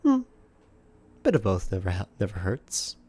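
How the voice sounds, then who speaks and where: A man's voice: low-pitched, wildly swooping pitch, moderate pace, breathy edge, voice pushed down, full character voice. A man putting on a purring sorceress auntie. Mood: kindly. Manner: soothing, purring, gently menacing. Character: mysterious powerful female sorceress, doting auntie.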